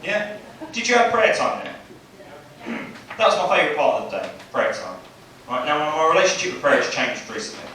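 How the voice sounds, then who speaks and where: Working a small club crowd, a young male comedian from Bexley, southeast London, chats in a slightly high, sing-song voice that sounds pushed and bright, going a little fast and ending lines with "right?". The sound is very roomy and distant, with a noisy room and laughter behind him.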